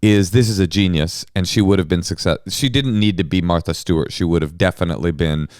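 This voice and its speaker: A man's voice: sits low, fast talker, clean tone, dry recording, clean studio sound. A middle-aged man co-hosting a comedy podcast, telling stories animatedly and acting out the people he quotes. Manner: animated storyteller, acts out quotes. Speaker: podcast co-host. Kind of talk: casual comedic chat.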